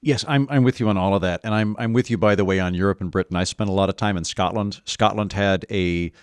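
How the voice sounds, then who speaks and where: A man hosting a podcast interview who talks in a chatty, animated, opinionated way. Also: lowish voice, fast talker, clean tone, no echo. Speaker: podcast host. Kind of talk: conversational interview.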